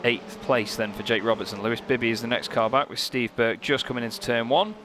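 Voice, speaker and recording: A man's voice: mid-range voice, brisk. Man commentating over roaring cars. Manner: lively, joking, gets excited at close moments. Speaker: race commentator. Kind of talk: sim racing commentary. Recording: commentary over loud race car noise.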